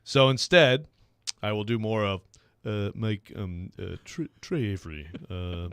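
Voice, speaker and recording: Bright-voiced sports radio host. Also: male voice, fairly low pitch, clear, resonant tone, dry recording, studio quality. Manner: rambling, self-deprecating, quick to laugh. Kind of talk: sports talk radio chat.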